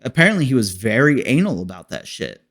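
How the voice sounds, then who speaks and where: A man's voice: medium pitch, very animated, quick pace, a bit bright. A man hosting a casual podcast, reviewing a movie in a rambling, profane way and laughing often. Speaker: host.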